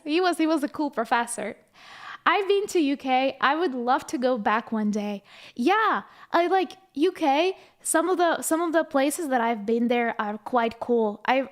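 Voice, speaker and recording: A young woman from Ukraine, chatting casually on a live stream, telling stories, reading chat aloud and laughing often. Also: high-pitched.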